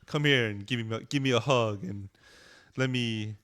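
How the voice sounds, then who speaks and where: A man voicing a smooth-talking male singer crooning to a girl, in a mocking, over-sweet way. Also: medium pitch, a little slow, fairly bright tone, lightly acted.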